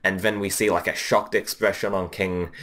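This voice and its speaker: A man's voice: deep voice, fairly even intonation, normal speed, a bit bright. Rambling man reviewing a trailer. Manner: rambling, many fillers and restarts. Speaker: video reviewer. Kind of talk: casual review commentary.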